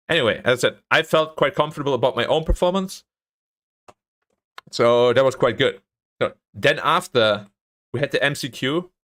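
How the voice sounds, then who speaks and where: A young man talks to his stream in a casual, rambling way. His voice sits somewhat high and climbs sharply when he gets worked up, with plenty of swearing. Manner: animated ranting, swears, voice jumps up when annoyed. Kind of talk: casual chat.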